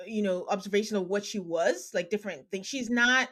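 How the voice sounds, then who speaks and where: A woman podcast host recapping a reality show in casual chat, animated and exasperated, acting out quotes. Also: mid-range voice, fairly quick.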